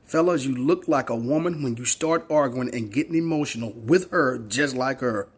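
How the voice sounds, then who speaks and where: Husky blunt-talking man in his forties. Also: mid-range voice, normal speed. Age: 40s. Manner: blunt, preachy, repeats points for emphasis, swears. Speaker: social media commentator. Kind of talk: opinion monologue to camera.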